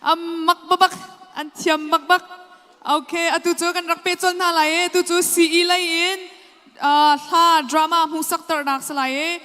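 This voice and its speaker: A woman emceeing a church event, giving steady, matter-of-fact announcements. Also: extremely high pitch. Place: church hall. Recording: echoey hall.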